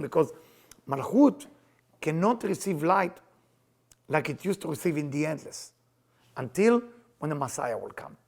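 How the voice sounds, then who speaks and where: A man teaching Kabbalah in an animated lecture, emphatic and excitable in English. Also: a little high, creaky, slightly rough. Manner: excitable, emphatic, non-native English with Hebrew phrases.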